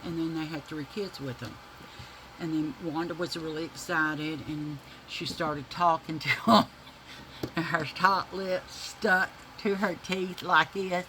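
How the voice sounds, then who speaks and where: A woman's voice: low-pitched, fairly even intonation, unhurried, pushed and bright, slight background noise, low-quality recording. A woman casually telling a family story to her viewers, swearing freely and laughing as she goes. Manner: chatty, folksy, addresses viewers as y'all.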